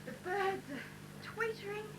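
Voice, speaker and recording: A very high-voiced wife gushes rapturously over her new island home, as a woman plays her in an amateur sketch. Her delivery is bright and wide-eyed. Heavy noise fills the live recording. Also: expressive, measured pace. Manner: gushing, rapturous description. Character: delighted wife newly moved to an island.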